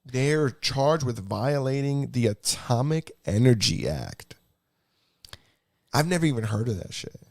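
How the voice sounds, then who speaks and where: A man's voice: medium pitch, lively intonation, a little slow, gravelly, a little mellow, no echo, studio quality. A man co-hosting a podcast in a laid-back way, full of fillers and casual swearing. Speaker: podcast co-host. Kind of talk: casual chat.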